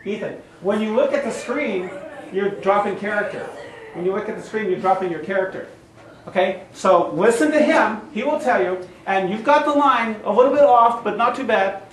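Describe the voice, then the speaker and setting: A woman coaching a cast through a rehearsal, brisk and instructive, with a steady, encouraging push. Her voice carries through a strongly echoing hall and is caught from far across the room, with faint background noise. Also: medium pitch. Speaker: play director.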